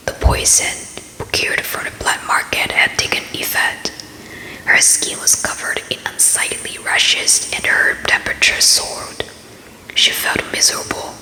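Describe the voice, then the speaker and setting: A woman ASMR book reader narrating a story as whispered role-play, in a slow, steady, unvoiced whisper. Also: roomy sound, rough recording.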